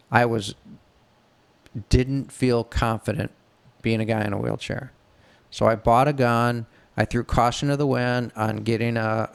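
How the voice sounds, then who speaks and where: A man's voice: on the low side, creaky, clean tone. A middle-aged man from the Detroit area telling a story in casual talk, frank and profane, acting out the voices of people he quotes. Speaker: podcast co-host telling a story.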